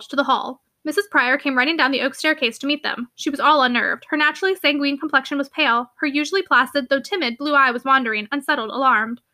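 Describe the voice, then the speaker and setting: A woman narrating a classic novel as an audiobook, fluent and steady in her storytelling. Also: sits high.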